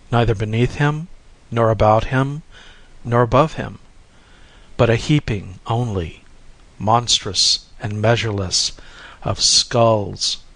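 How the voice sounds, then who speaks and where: Slow, solemn male storyteller. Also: lowish voice, a bit bright, no echo. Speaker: narrator. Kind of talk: scripted narration, story reading.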